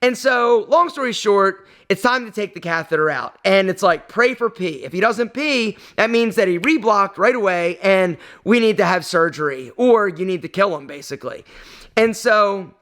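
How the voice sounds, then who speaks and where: A man's voice: high-pitched, lively intonation, moderate pace, a bit bright. A man telling a personal story on his vlog, emotional and rambling, with lots of fillers. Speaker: vlog host.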